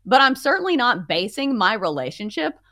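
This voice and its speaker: Lively, bright young woman chatting casually. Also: a little high, fairly quick, no echo, clean studio sound. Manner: chatty, heavy use of "like", wry. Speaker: sports betting podcast co-host. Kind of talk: casual chat.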